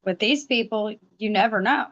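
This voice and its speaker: A woman's voice: mid-range voice, moderate pace, a bit bright, dry recording. A woman joining a casual live chat, talking breezily with lots of fillers. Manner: chatty, filler-heavy, breezy. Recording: muffled lo-fi audio.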